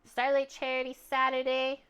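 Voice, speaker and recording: A woman's voice: high voice, completely flat delivery, normal speed, a bit bright, clear, resonant tone, soft background music. A woman from Canada hosting a cooking livestream from her home kitchen, talking in a loose, chatty way with lots of filler words. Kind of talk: casual stream chat.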